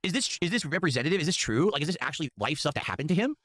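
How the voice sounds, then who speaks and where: Sarcastic reaction streamer, male, higher-pitched and animated, rapid-fire, swears a lot, clip music faint behind. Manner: incredulous, sarcastic, swears freely. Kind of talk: mocking reaction commentary.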